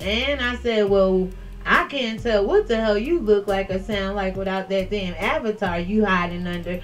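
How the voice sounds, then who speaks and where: A woman vlogger talking casually and profanely while responding to viewer comments, loud and animated, laughing at her own jokes. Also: mid-range voice, normal speed, low-quality recording.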